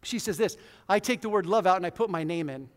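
A man in his forties preaching a conversational, self-deprecating sermon in a church hall, with sudden loud bursts. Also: high-pitched, fast talker. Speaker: pastor.

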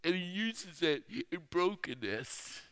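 A man preaching a sermon, telling a personal story slowly and with emphasis. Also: high voice, big pitch swings, fairly bright tone, smooth. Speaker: speaker. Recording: reverberant hall.

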